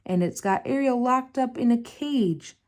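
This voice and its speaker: A woman voicing a small, anxious yellow fish boy who speaks eagerly. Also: a little high, a little slow, pitched above the performer's own voice, lightly acted.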